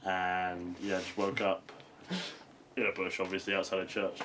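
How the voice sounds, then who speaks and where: A man's voice: deep voice, completely flat delivery, moderate pace, noisy background. A man co-hosting a casual podcast, rambling and searching for words, swearing casually. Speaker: podcast co-host.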